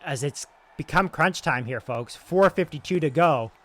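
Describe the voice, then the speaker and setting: A young man doing excitable play-by-play commentary over a video game, moving between loud calls and quiet asides, his voice getting strained. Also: fairly high pitch, moderate pace. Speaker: gaming YouTuber doing play-by-play.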